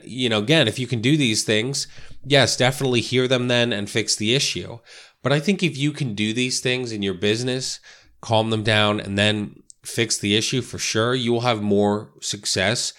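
A man's voice: mid-range voice, steady tone, normal speed, fairly bright tone. A man coaching real estate agents in a casual, conversational way, often checking in with "right?" and "you know". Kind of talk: casual instructional talk.

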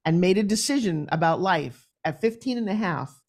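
Telling her life story as a podcast guest, a New York woman speaks bluntly and emphatically with a strong New York accent. Her voice sits on the low side with a darkish tone, animated and at a moderate pace, in candid interview storytelling.

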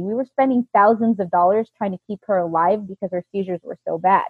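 A woman's voice: mid-range voice, brisk, few pauses, husky, no room sound. A woman earnestly retelling a painful chapter of her life, quoting the people involved. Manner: earnest, emotional retelling with many quoted lines. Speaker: personal storyteller. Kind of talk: candid personal testimony. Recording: dull, lo-fi, dry recording.

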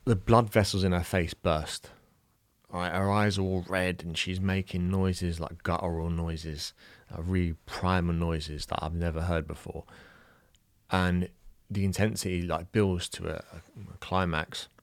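A young Irish man telling a personal story in a halting, emotional way, full of fillers and restarts. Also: low-pitched, flat delivery, no echo. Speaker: new father telling a birth story.

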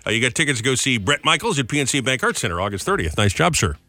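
Fast animated male radio host. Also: medium pitch. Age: 40s. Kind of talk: morning radio banter. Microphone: studio mic.

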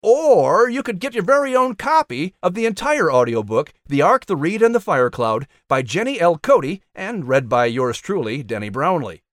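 A man narrating and hosting a podcast, reading a scripted outro and promo in an animated announcer style. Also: a little high, normal speed, hardly any pauses, dry recording, studio quality.

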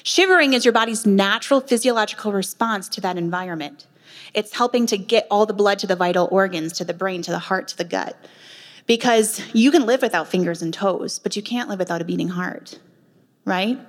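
A woman's voice: medium pitch, brisk. A woman nurse practitioner giving a passionate faith-based talk at a women's retreat, with emphatic rhetorical questions. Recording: long hall reverb.

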